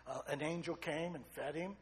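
A middle-aged male pastor preaching a sermon, swinging between loud excited storytelling and quiet, low asides. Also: normal speed.

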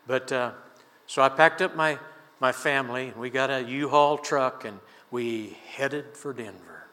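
A man's voice: mid-range voice, a little slow, sharp tone, long reverb tail. An older man preaching a sermon in a church, telling a personal story in a folksy, conversational way with chuckles. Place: church sanctuary.

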